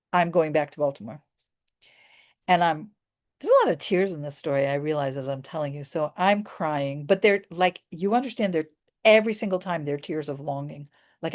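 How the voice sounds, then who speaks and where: A middle-aged American woman with a lowish, somewhat mellow voice tells a personal story. She speaks earnestly and emotionally, restarting her sentences many times.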